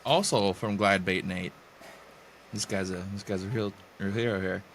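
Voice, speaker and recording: Young man, podcast co-host, low voice, dry teasing, reads comments aloud, faint room noise. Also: steady tone, moderate pace, a bit bright. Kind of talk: casual chat, reading out comments.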